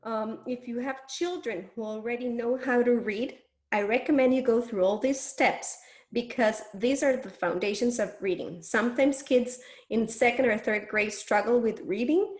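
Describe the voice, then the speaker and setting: A woman with a fairly high voice demonstrates early reading steps, stretching words into syllables with exaggerated care. She is patient and encouraging. Her voice rings in an echoey room. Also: moderate pace. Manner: exaggerated mouth movements, sounding out syllables. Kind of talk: demonstration lesson.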